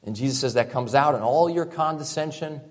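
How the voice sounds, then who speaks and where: A male pastor preaching a sermon, emphatic, dropping to a hush for effect and piling up repeated phrases. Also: mid-range voice, brisk. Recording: long reverb from a large hall.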